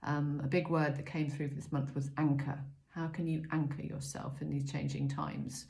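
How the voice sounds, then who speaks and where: A middle-aged woman giving a casual spiritual card reading, gentle and chatty with many pauses and ums. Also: low-pitched, level tone, gravelly. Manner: gentle, chatty, frequent ums, self-mocking asides. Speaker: oracle card reader. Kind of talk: casual spiritual guidance talk.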